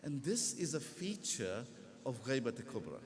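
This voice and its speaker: A man giving a religious lecture to a gathering, telling a story in an animated way and acting out the quotes, through a PA in a large hall. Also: medium pitch, moderate pace, a crowd in the background. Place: large echoey hall with congregation. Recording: echoey hall with background noise.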